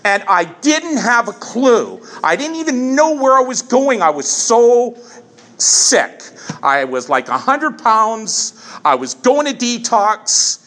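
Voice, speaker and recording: A man in his fifties telling his own recovery story from the front of a meeting room, candid and halting, often restarting and repeating phrases. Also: very high-pitched, sing-song, fairly bright tone. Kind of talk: personal testimony at a recovery meeting.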